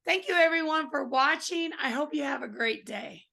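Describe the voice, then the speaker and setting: A woman hosting a spiritual podcast, hoarse today, chatting casually and effusively with her guest. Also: high voice, normal speed. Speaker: podcast host. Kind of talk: casual interview chat.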